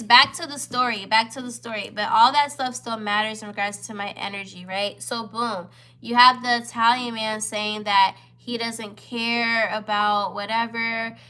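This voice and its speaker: A woman's voice: on the high side, fairly even intonation, a little slow, sharp tone. A woman in her twenties telling a story in a casual vlog. She talks candidly and straight to her viewers, and she often repeats her phrases. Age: 20s. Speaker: vlogger.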